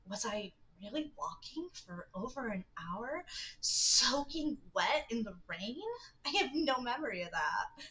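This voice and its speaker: A woman's voice: on the high side, measured pace, low-quality recording. Giggly woman streaming a game. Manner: giggly, animated, chatty asides. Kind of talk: reading a game aloud on a livestream.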